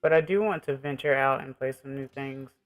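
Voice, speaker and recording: A man's voice: mid-range voice, fairly quick, faint music behind. A man streaming a game, chatting with his viewers in an easygoing, rambling way. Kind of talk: casual live-stream chat while gaming.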